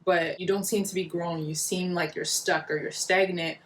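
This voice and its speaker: A woman's voice: lowish voice, steady tone, moderate pace, slight background noise. A woman hosting her own wellness channel, chatting to camera at home in a friendly, explaining way while eating. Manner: friendly, explanatory, addresses viewers directly. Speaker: wellness vlogger and channel host. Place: small home indoors.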